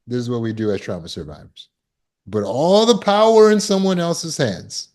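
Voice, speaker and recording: A man's voice: on the high side, very animated, normal speed, darkish tone. A man coaching on trauma recovery in a casual talk, telling stories and acting out quoted people with big jumps in his voice.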